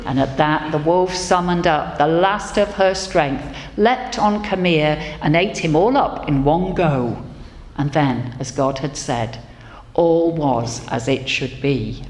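A woman storyteller with a lowish voice tells a folk tale to a group, gentle and wry. She sounds like she is in a large hall, with long reverb and faint background hiss. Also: slow. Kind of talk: storytelling to an audience. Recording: echoey hall, faint noise.

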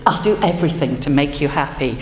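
A woman's voice: low-pitched, expressive, fairly quick, darkish tone. Woman putting on a pleading enchanted frog. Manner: pleading, coaxing. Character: talkative enchanted male frog, pleading and eager. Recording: roomy hall with faint ambience.

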